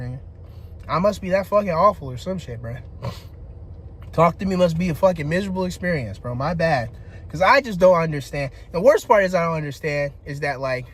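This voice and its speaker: Young adult man, personal rant vlogger, profane, exasperated, breaks into loud outbursts. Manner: frustrated venting with heavy profanity, restarts, pitch rising into shouting.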